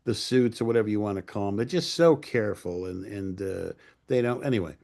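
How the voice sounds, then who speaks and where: A man's voice: fairly low pitch, fairly quick, vocal fry. Profane New York storyteller, older man. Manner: profane, animated anecdotes with acted-out quotes. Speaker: screenwriter and director guest. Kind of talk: casual storytelling interview.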